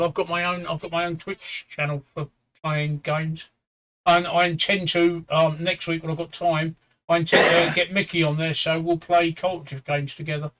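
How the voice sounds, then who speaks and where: A man's voice: on the high side, a bit bright, low-quality recording. A man co-hosting a live stream who also streams games, chatty and asking pointed questions. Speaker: co-host and gamer on a live stream. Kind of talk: casual live-stream chat.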